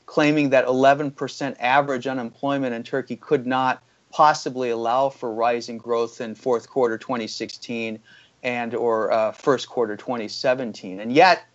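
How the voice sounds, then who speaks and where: A man's voice: medium pitch, steady tone, normal speed, dull audio. A man giving critical economic commentary as an interview guest, arguing his points with frequent fillers. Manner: critical, argumentative, many fillers.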